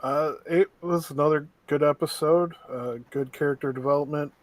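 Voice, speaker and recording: A man's voice: on the high side, fairly even intonation, moderate pace, dry recording. A man giving his take on an anime episode as a co-host, hesitant, with many "um"s and "you know"s. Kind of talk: casual review chat.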